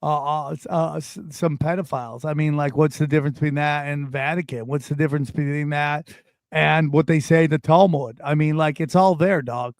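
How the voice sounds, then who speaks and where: A man with a fairly high voice rambles through a casual podcast chat, tossing in dude and bro as he goes. The mic is close and dry, with no room sound. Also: normal speed, no room sound. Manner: rambling, animated, calls listener dude and bro. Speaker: podcast guest comedian.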